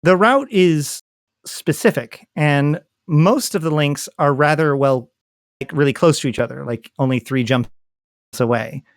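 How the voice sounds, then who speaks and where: A man's voice: on the high side, measured pace, no echo. Man, podcast co-host, casual chat, thinking aloud, dry sound. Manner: thinking aloud, many fillers and restarts.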